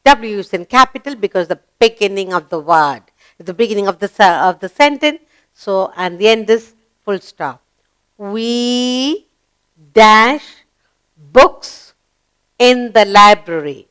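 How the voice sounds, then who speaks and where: A woman's voice: medium pitch, lively intonation, slow pace, a bit bright, clean tone, dry recording. A woman teaching a grammar lesson to young children, spelling letters out and asking encouraging questions.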